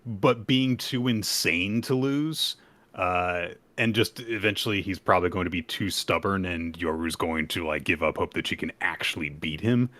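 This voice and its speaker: A man co-hosting a casual podcast, retelling comic chapters with animated energy and acted-out quotes. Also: low-pitched, normal speed. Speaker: podcast co-host. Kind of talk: casual chat recapping manga.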